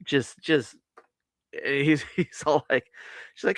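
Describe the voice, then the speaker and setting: A man co-hosting a casual movie review podcast, retelling the plot in lively fashion and acting out the characters' lines. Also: fairly high pitch, measured pace, long pauses, no echo, studio quality. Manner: animated retelling, acts out quotes with laughs. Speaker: podcast co-host.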